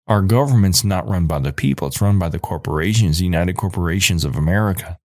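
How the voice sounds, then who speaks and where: A man's voice: deep voice, fast, a little mellow, dry recording, clean studio sound. A man in his forties delivering an angry, emphatic ranting monologue as a podcast host.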